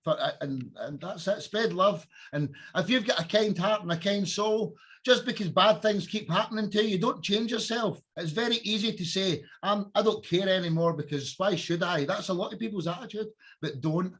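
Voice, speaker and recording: A man's voice: sits high, moderate pace, a bit bright, husky. A man hosting a podcast, talking in an impassioned, preachy, emphatic way. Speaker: podcast host. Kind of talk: casual chat.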